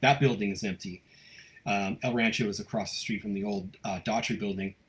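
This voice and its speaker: A man's voice: lowish voice, steady tone, a little fast, fairly bright tone. A man hosting a live local news stream, chatting casually and reading out viewer comments, with many fillers and restarts. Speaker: host of a local news livestream.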